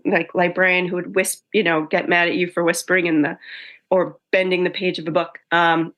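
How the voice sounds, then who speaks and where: A woman's voice: fairly low pitch, a bit bright. Chatty woman author telling her story. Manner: chatty storytelling with frequent self-corrections. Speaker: author being interviewed. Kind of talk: casual conversational interview.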